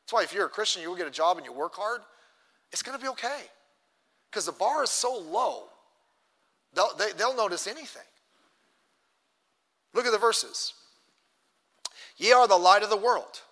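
A man preaching in a church, his voice high-pitched and bright. He tells a story with lively energy, then presses his congregation with repeated questions. The sound hangs in a long hall reverb. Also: moderate pace, pauses often. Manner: animated storytelling, rising to exhortation. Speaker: pastor. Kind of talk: sermon.

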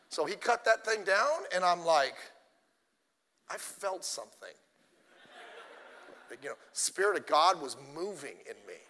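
Animated high-voiced male preacher. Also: normal speed, big-room sound. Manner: animated storytelling, addresses the congregation. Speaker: pastor. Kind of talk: sermon.

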